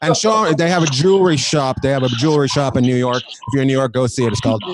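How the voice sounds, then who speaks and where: A man doing crowd work as a comedian on a live stream, teasing people with quick banter and laughing at his own jokes. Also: medium pitch. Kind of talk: crowd work with an online audience. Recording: loud background noise.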